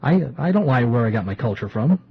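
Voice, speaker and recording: A man hosting a live talk radio show from a small studio, rambling and excitable, often restarting his sentences. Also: medium pitch, fast, a little hiss or hum. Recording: lo-fi radio broadcast.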